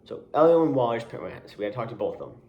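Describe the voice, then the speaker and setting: A man's voice: mid-range voice, sing-song, rapid-fire, lo-fi sound, a little hiss or hum. A young man who works as a camp coach, telling a story in a casual vlog, rambling with many restarts and asides and sounding exasperated. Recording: roomy echo.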